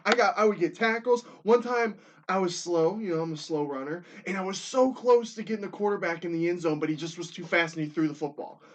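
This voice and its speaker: High-pitched and a little fast, this young podcast host swears constantly while animatedly recounting stories in casual conversation. He performs other people's lines as he quotes them.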